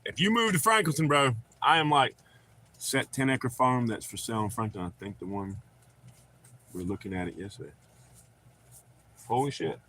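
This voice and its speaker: A man's voice: mid-range voice, moderate pace, pauses often, sharp tone. A man with a North Carolina accent hosting a casual livestream from home, rambling and joking with plenty of swearing. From not from North Carolina. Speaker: livestream host. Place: home with dogs.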